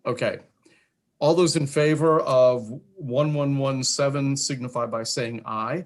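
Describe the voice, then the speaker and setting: A man chairing a legislative committee session, calling votes in a brisk, procedural way with dry jokes. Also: medium pitch, steady tone. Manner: brisk, procedural, dryly joking.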